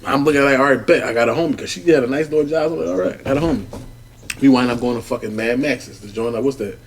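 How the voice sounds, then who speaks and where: A man, co-hosting a podcast and telling a long, profane story in casual chat, animated and acting out other people's voices. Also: medium pitch, fast. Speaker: podcast co-host.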